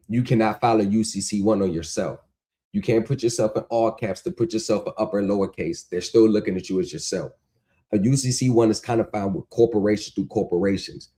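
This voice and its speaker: A man hosting a livestream, talking in an animated, mocking rant that is full of profanity and rhetorical questions. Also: fairly low pitch. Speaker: stream host. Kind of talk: ranting livestream talk.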